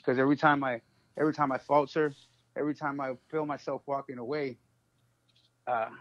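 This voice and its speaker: A man sharing a personal struggle in a halting, emotional way, full of fillers, on a phone. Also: mid-range voice, flat delivery, fairly bright tone, no echo. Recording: dull dry phone audio.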